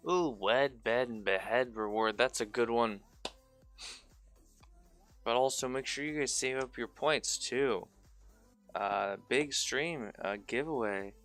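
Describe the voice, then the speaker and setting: Sleepy, slow-talking male streamer. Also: mid-range voice, faint music behind. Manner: relaxed, rambling, chats with viewers. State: sleepy, slurring words. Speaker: livestreamer painting miniatures. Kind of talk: casual live-stream chat.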